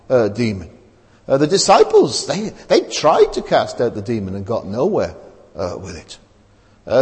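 A man preaching a sermon in a casual, conversational way, often asking "isn't it?" and pausing on fillers. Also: mid-range voice, darkish tone, in a large hall. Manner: conversational, asks many tag questions, frequent fillers.

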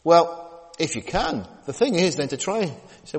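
A man preaches conversationally at normal speed in a church hall where his voice trails off in long reverb. His intonation is lively and animated, and he frequently stumbles, restarts, and uses tag questions to check in with the audience.

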